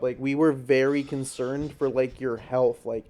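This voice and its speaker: A man's voice: medium pitch, level tone, brisk, hardly any pauses, darkish tone. A man hosting a podcast, telling stories in a laid-back, swearing casual chat. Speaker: podcast host.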